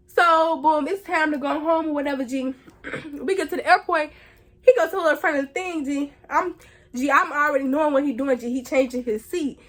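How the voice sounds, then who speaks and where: A young woman vlogger telling a story in a casual, blunt, profane way, animated and slangy. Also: high voice, a little fast.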